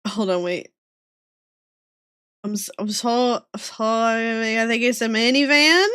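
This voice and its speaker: A young woman chats with her livestream viewers while she draws, laughing often. Her voice sits a little high, with a faint Southern accent and a few New York vowels slipping through. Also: takes it slowly, fairly bright tone, clear, resonant tone, dry recording, studio quality. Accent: slight Southern US with some New York vowels. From American South. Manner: giggly, laughs often, chatty. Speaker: streamer drawing art live. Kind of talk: casual livestream chat with viewers.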